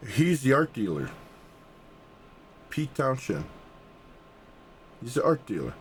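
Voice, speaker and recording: A man's voice: mid-range voice, very animated, takes it slowly, slight background noise. A man, an artist, casually telling a story for his vlog in a rambling way. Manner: rambling, casual, with restarts and fillers.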